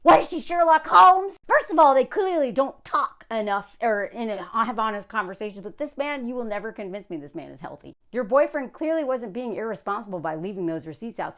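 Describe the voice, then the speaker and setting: A woman's voice: fairly high pitch, fairly bright tone. A woman vlogger reads an advice column aloud and reacts in an exasperated, sarcastic way, talking straight to the writer. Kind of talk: casual commentary reading aloud.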